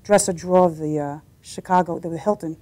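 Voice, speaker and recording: A woman's voice: lowish voice, a little fast, warm tone. A middle-aged woman, a singer, telling stories in a casual interview chat and acting out the voices in her anecdotes. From United States. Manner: chatty storyteller, acts out voices in anecdotes. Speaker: singer and guest.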